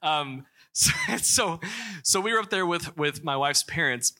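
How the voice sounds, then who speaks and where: Very bright-voiced young man from Missouri. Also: fairly high pitch, expressive, unhurried. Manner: candid storytelling with many restarts and fillers. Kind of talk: personal testimony in a church talk.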